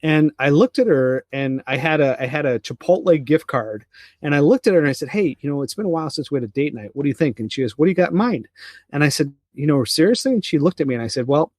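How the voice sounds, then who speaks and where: A man's voice: on the high side, expressive, quick pace, dry recording. Middle-aged guy rambling thru a story on a podcast, lots of restarts, dry close sound. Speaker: podcast co-host. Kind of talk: casual chat.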